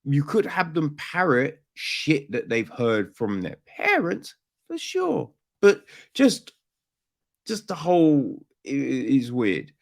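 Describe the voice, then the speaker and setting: A man's voice: a little high, wildly swooping pitch, takes it slowly, gravelly. A man hosting a podcast, ranting casually about a film in a profane, rambling way with lots of slang and restarts. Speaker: podcast host. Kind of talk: casual film review rant.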